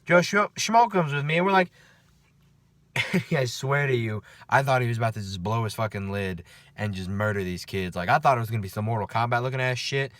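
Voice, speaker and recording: A man recounting his night-shift security work in a loose, chatty vlog. He swears freely and keeps tossing in "okay?" and "right?" to check in with the listener. His voice sits at an ordinary pitch and sounds close and dry, with no room around it. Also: brisk, a bit bright, no echo. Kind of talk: casual after-work storytelling vlog.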